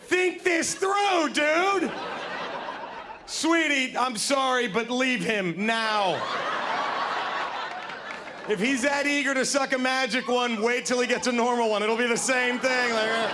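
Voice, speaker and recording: Male stand-up comic, high voice, animated and loud, live club mic with noise behind. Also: a little slow, long pauses, crowd noise. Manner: animated, shouting punchlines, acting out characters in high voices. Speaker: stand-up comedian. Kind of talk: stand-up comedy set. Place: comedy club stage with laughing audience. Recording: noisy live club recording.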